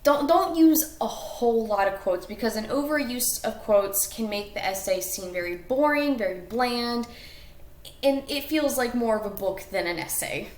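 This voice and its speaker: A woman's voice: on the high side, animated, normal speed, roomy sound, a little hiss or hum. A woman teacher talking through a recorded class lesson step by step, with fillers and self-corrections.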